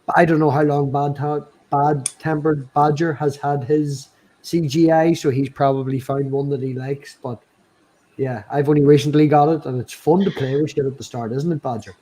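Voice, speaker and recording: A man's voice: on the high side, fairly even intonation, moderate pace, mellow. A man with a Northern Irish accent chatting and joking as co-host of a livestream. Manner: joking, teasing. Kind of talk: casual chat.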